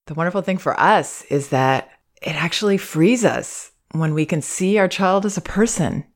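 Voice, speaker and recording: A woman hosting a parenting advice podcast, talking in a calm, measured, thoughtful way. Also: low voice.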